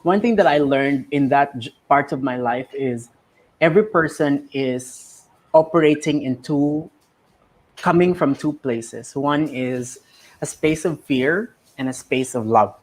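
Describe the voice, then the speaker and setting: A man in his thirties hosts a relaxed interview in a mid-range voice. He talks reflectively, circles back over his words as he thinks, and laughs easily. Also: medium pitch, measured pace. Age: 30s. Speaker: host. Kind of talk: casual interview talk.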